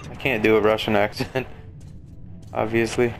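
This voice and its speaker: A man's voice: lowish voice, level tone, a little slow, soft background music. A young man giving casual gameplay commentary in a crude, joking way, with plenty of swearing. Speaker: let's play gamer.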